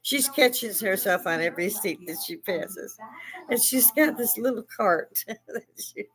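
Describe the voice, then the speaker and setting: A woman's voice: mid-range voice, animated, measured pace, a bit bright, poor audio. An older woman from Chicago hosting a live stream, telling casual stories with frequent laughter and plenty of swearing. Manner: salty, laughs often, swears freely. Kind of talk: casual storytelling chat.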